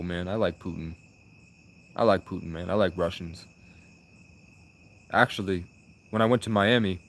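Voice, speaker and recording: Young male streamer, lowish voice, rambling stream-of-thought chat with loud flare-ups. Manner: rambling, restarts, loud bursts. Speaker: livestreamer. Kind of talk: rambling casual livestream chat.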